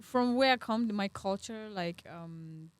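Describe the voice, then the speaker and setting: A young woman from Dagestan in Russia with a Russian accent, a guest in a casual podcast interview, animated and quick to laugh, dropping bits of Nigerian Pidgin. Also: mid-range voice, clean tone, no room sound. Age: young adult.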